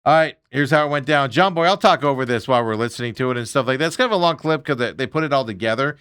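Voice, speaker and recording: A man's voice: medium pitch, racing, clear, resonant tone, dry recording, studio quality. A middle-aged man hosting a sports talk show, ranting with strong opinions and mocking the people he talks about. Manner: animated ranting, mocking impressions of players.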